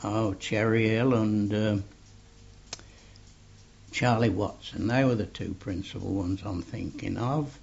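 An older man slowly telling an oral history story, full of fillers and a gravelly voice. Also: on the low side, steady tone, darkish tone, faint music behind. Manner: slow rambling storytelling with many fillers. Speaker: interviewee. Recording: dull lo-fi tape recording.

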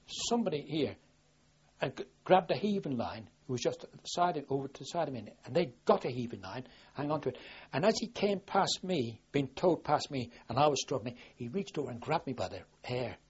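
An older man from southwest England tells his story in a rambling, plain-spoken way, often restarting his sentences. His voice is very husky and rough, at an ordinary middle pitch. The sound is dull and muffled, like an old archive recording. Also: very animated, a little fast. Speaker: war veteran interviewee. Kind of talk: oral history recollection.

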